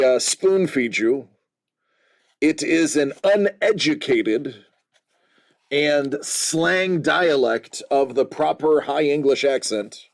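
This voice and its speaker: A man hosting a card-break stream, chatting casually and rambling with jokes and filler pauses. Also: mid-range voice. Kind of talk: casual livestream chat.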